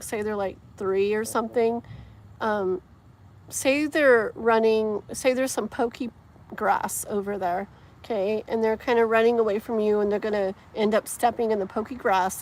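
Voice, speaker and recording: A woman's voice: a little high, slight background noise. A woman hosting a tarot livestream, chatting casually outdoors and reading viewer comments aloud in an effusive, gushing way. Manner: effusive, gushing, many fillers. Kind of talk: casual live-stream chat reading comments. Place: outdoors, wind and passing traffic.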